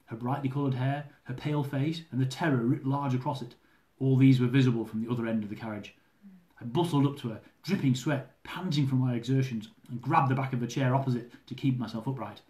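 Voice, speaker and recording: A man reading his own humorous travel memoir aloud, lively and dramatic, with comic swearing. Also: mid-range voice, fairly quick. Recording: roomy echo.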